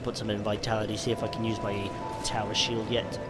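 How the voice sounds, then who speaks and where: A man's voice: fairly low pitch, flat delivery, a little fast, over loud music. A British man giving casual, sarcastic gameplay commentary, talking to himself and the game from his computer. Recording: loud background noise.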